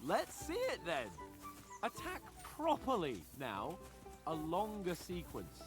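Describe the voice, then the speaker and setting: A man's voice: sits high, huge pitch swings, slow, exaggerated voice. A cocky young nobleman. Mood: teasing. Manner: teasing, commanding. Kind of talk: video game dialogue. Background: game music.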